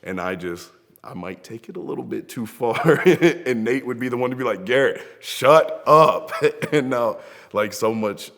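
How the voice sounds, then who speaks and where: Deep-voiced grieving young man, echoing room. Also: moderate pace, vocal fry. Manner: heartfelt, rambling storytelling with frequent laughs. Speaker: professional wrestler. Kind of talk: spoken tribute to a late friend. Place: seated in front of a camera, indoors. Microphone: camera mic.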